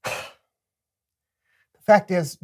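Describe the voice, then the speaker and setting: A man's voice: very slow, dark tone. A man co-hosting a children's comedy sketch, talking in nervous, stammering, hesitant bursts. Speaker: co-host.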